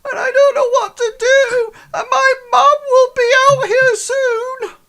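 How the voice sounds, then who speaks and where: A man voicing a frightened young street urchin boy who cries and pleads in a high wail. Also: flat delivery, takes it slowly, sharp tone, full character voice. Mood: tearful pleading. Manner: crying, wailing pleas.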